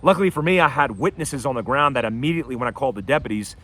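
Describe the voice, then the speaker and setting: A man telling a personal story to camera outdoors, casual and animated, acting out what people said. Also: medium pitch, racing. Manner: animated, acts out quotes in a raised voice. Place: outdoors by his house and driveway.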